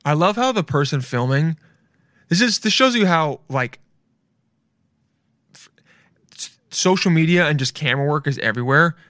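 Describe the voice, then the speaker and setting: Excitable man with a rambling, casual delivery. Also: fairly high pitch, moderate pace, pauses often, dry recording, clean studio sound. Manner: rambling, excitable, says "dude" often, swears. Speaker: video reaction host. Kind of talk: casual reaction commentary.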